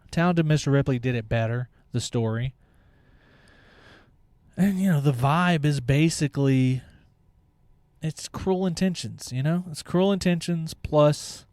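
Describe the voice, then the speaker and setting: A man's voice: medium pitch, darkish tone, clear, resonant tone, no echo. A young man hosting a podcast, talking in a blunt, opinionated monologue and swearing freely. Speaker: podcast host. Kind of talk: casual monologue.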